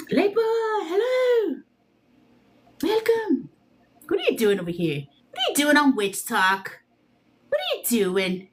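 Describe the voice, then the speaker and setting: A woman whose first language is Spanish, chatting playfully and swearing freely as she hosts a tarot livestream, slipping into funny voices. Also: high voice. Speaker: tarot reader livestream host. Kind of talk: casual livestream chat.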